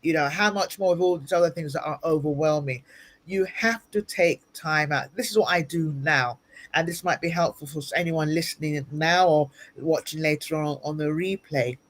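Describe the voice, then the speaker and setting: Low-pitched and moderately paced, this woman is a guest speaker and ministry leader being interviewed over a video call. She gives sincere, motivational advice and keeps repeating her points to drive them home.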